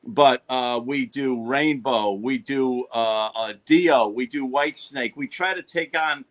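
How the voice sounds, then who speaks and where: A man's voice: mid-range voice, measured pace. Eager, chatty mid-voiced man. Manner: eager, chatty, many restarts. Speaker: guitarist guest. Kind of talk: casual interview chat.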